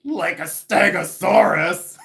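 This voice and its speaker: Man doing a brassy female stand-up, raised and slow, broad comic delivery. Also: sits high, creaky, voice pushed up, full character voice. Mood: mock-dramatic. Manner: slow, drawn-out, loud delivery. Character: brash female comedian doing a deadpan, drawn-out punchline.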